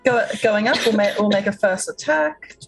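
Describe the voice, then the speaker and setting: Husky, matter-of-fact woman player. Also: medium pitch, moderate pace, faint music behind, rough recording. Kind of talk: casual chat.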